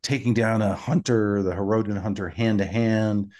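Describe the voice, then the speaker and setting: Animated man recapping a show. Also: on the low side, moderate pace. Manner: animated storytelling, acts out quoted lines. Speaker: podcast co-host. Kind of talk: casual chat, recapping an episode.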